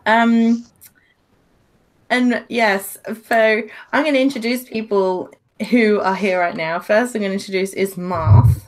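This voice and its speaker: Slow, hoarse, giggly woman streamer. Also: mid-range voice, fairly even intonation. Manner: giggly, laughs often between words. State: hoarse and semi-sick. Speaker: streamer host. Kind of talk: casual live-stream chat.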